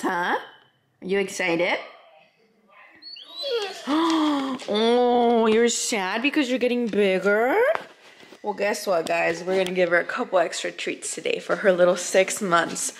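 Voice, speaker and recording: A woman's voice: medium pitch, takes it slowly, reverberant, a little hiss or hum. A woman vlogging at home in a casual chatty way, cooing at her puppy and giving it training commands. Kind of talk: casual vlog chat. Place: home kitchen.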